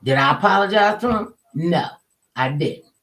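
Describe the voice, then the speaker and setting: An animated woman telling a story from her own life in casual, colloquial talk. She acts out the voices of the people she quotes. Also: fairly low pitch, normal speed, low-quality recording.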